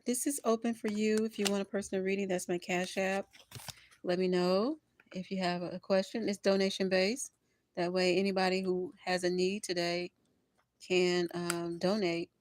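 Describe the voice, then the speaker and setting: An older woman reading tarot on a livestream, expressive and preachy, often laughing and calling her listeners honey and baby. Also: mid-range voice, moderate pace, a little hiss or hum. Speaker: tarot reader.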